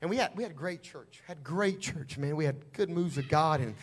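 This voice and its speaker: A male pastor, telling a folksy story in a sermon and building to loud, shouted preaching. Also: on the high side, moderate pace.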